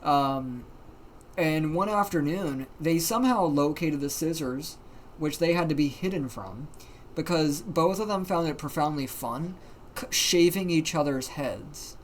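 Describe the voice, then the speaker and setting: A livestreamer telling a story in casual, animated talk, swearing often and using plenty of fillers. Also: medium pitch, a little slow, slight background noise. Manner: animated, profane, many fillers.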